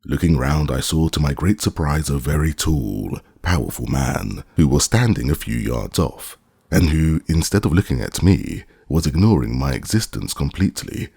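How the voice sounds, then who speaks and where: A man narrating a classic short story as an audiobook, in a measured, deliberate way. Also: a bass voice, vocal fry, darkish tone, slightly rough, no echo, studio quality.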